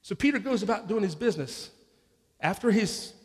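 A man's voice: sits high, animated, moderate pace, breathy edge, long reverb tail. A man pastor preaching a sermon in a conversational way, often restarting and acting out people's inner voices.

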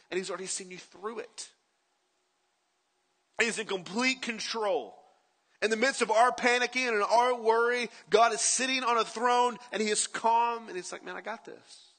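Bright, high-voiced male preacher. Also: normal speed, in a large hall. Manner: conversational preaching, asks the room "right?". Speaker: pastor. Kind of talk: sermon.

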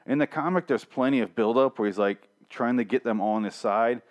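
A man's voice: medium pitch, fairly quick. Sarcastic, swearing man reviewing a show. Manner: sarcastic, swears freely, mocks the episode. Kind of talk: casual solo review podcast.

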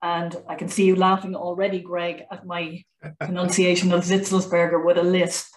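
An Irish college founder talks freely as a guest in a conversational interview, using many fillers and restarts. Her voice is fairly low and level at a moderate pace, and the rough recording comes from an echoey room.

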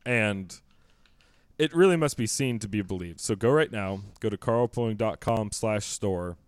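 A man's voice: lowish voice, normal speed, clear, resonant tone, no room sound. Dry, wry-voiced male podcast host. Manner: wry, mock-serious riffing. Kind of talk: casual comedic chat.

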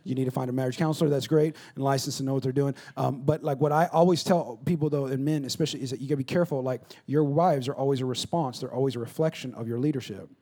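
A man preaching a conversational sermon, acting out little dialogues and swinging between loud bursts and hushed asides. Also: mid-range voice, steady tone, quick pace, hardly any pauses. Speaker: pastor.

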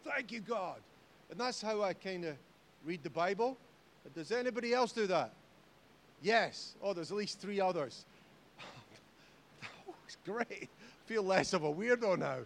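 A Scottish man preaches a sermon in church with jokes and bursts of loud exhortation. His voice sits a little high for a man. A faint hiss runs under the recording. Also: measured pace, pauses often. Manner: animated, jokey, rising to loud exhortation. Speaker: pastor. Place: church hall.

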